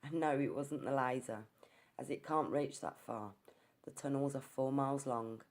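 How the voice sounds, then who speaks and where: This ghost hunter, a woman from England, recounts her ghost-hunting experience earnestly and story-like, occasionally starting her words over. She speaks at a moderate pace in a very deep, darkish voice.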